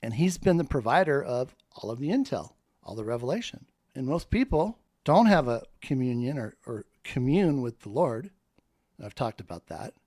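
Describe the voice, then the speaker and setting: Man, middle pitch, dry close mic, fervent rambling preacher-like monologue. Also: very animated, moderate pace, darkish tone, no room sound. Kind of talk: spoken monologue.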